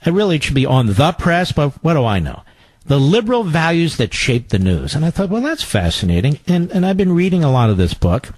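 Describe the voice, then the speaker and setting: A man's voice: fairly high pitch, big pitch swings, fairly quick, darkish tone, poor audio. A middle-aged man hosting a talk radio show, delivering a combative, sarcastic political commentary monologue.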